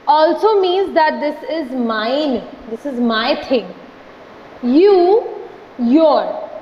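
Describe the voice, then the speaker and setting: A woman teacher giving a recorded lesson to young children, speaking slowly and patiently, repeating her examples and calling the class "children.". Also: sits high, slight background noise. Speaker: schoolteacher. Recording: dull lo-fi, reverberant room.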